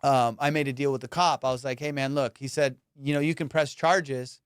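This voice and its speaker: A young man hosting a podcast, casually telling a story in slangy, animated talk and acting out the people in it. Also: medium pitch, fairly quick, clean tone, no room sound. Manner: animated, laughing, slangy retelling with quoted voices. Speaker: podcast host.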